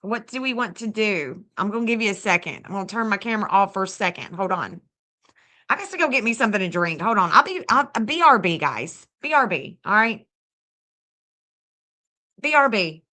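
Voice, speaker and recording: A woman's voice: medium pitch, expressive, moderate pace, pushed and bright. A woman hosting a casual livestream, gushing over viewers and thanking them by name. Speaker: livestream host and astrologer.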